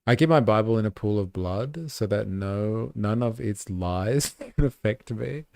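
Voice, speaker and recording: A man's voice: fairly low pitch, lively intonation, measured pace, gravelly, a little mellow, no room sound. A man hosting a livestream, casually commenting on news clips with sarcastic, profane reactions. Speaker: livestream host.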